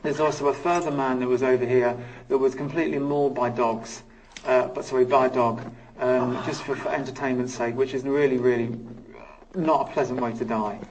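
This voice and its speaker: A man working as a psychic medium on a live ghost hunt, talking in halting bursts and repeating his words. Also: medium pitch, fairly even intonation, a little mellow, recorded from a distance, a little hiss or hum, low-quality recording. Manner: halting, repeats words, speaks of feeling panic and anger. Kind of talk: live paranormal investigation.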